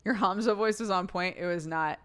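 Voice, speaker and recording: A woman's voice: mid-range voice, brisk, fairly bright tone, smooth. A woman streamer with a sore throat, chatting casually with her audience, giggly and swearing freely.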